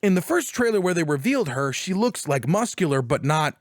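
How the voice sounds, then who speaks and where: A young man in casual podcast chat, telling a story with loud, colorful swearing and little put-on voices for the people he quotes. His voice sits a touch high and swoops all over the place. The sound is close and dry, with no room around it. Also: a little fast, no echo. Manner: animated, profane storytelling recap. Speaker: podcast co-host.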